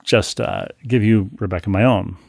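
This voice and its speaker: Man, podcast co-host: gravelly voice, dry close sound, reads mail then tells stories wryly with many restarts. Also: fairly low pitch, moderate pace, no echo. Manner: wry, animated storytelling with frequent restarts. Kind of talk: casual podcast chat, reading listener mail aloud.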